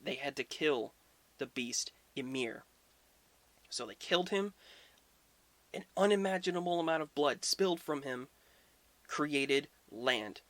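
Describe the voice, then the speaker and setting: A man's voice: a little high, animated, a little slow, long pauses, fairly bright tone, no echo. Brief: a man hosting a history video, laid-back storytelling with some profanity, dry close sound. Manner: informal, swears, conversational fillers. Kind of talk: casual storytelling.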